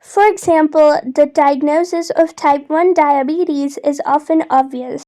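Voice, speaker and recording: High-voiced young woman teaching pronunciation. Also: steady tone, mellow. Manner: clear, deliberate, repeats words slowly. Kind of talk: explanatory video lesson.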